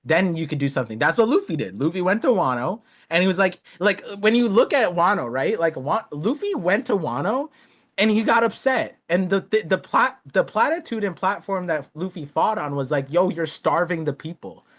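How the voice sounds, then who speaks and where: A man's voice: high-pitched, big pitch swings, normal speed, fairly bright tone. A man hosting a podcast in casual chat, rambling with many restarts and acting out characters. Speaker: podcast host.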